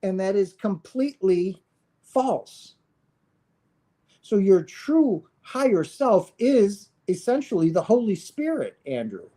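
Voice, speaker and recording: A man's voice: sits high, big pitch swings, slow pace, dark tone. A man in his fifties from the United States, talking casually and earnestly about spirituality to his viewers, often asking "right?" and swearing now and then. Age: 50s. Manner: earnest, preachy, peppered with "right?" and profanity. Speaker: spiritual streamer.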